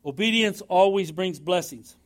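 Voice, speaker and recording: A man's voice: high voice, normal speed. A man preaching a sermon in a church, emphatic and repeating his points for effect.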